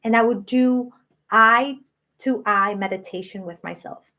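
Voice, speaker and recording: Woman, late thirties, higher pitch, earnest, emotional, live stream host. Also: takes it slowly, bright, forceful tone. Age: 30s. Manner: earnest, emotional, self-revealing. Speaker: spiritual channel host.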